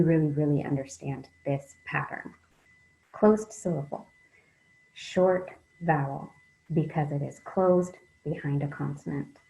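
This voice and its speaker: A woman's voice: deep voice, mellow, highs cut off, slight background noise. A woman teaching a reading lesson to children, patient and encouraging, with frequent "um" fillers.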